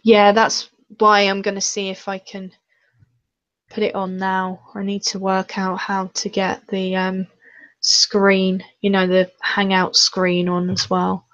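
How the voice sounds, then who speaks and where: A woman's voice: mid-range voice, completely flat delivery, slow, a bit bright. Chatty woman on a dull video call. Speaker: channel host. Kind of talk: casual video-call chat.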